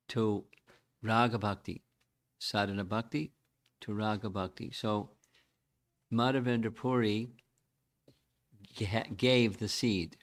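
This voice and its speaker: An older man giving a devotional lecture as spiritual teacher, speaking in a measured, reflective way and chanting verses slowly. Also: on the low side.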